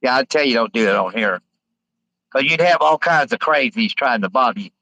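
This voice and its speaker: A man hosting a casual live stream, rambling with many halting fillers as he reads out viewer comments. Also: mid-range voice, animated, pushed and bright, no echo, rough recording.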